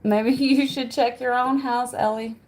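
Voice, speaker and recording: A woman's voice: fairly high pitch, fairly even intonation, measured pace, darkish tone. A woman hosting a livestream from home, chatting casually, reading viewer comments aloud and laughing often. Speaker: livestream host.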